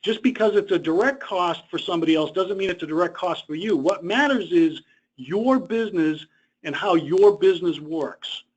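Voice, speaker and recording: Speaking in a husky voice that sits high, at a moderate pace, a man gives a conversational webinar lecture on government contract costs, explaining rules through his own experiences. The recording has a dull, lo-fi quality.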